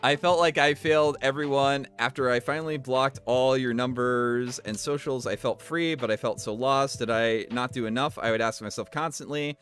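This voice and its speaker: A man's voice: mid-range voice, moderate pace, hardly any pauses, soft background music. A man streaming, reading a statement aloud and breaking off for wry comments. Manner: reads flatly, breaks off for wry asides.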